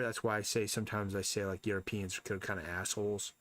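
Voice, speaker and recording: A man's voice: lowish voice, flat delivery, fast, fairly bright tone. A man casually chatting on a live stream while he draws, blunt and rambling, often talking to himself about his work. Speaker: artist streaming a drawing session.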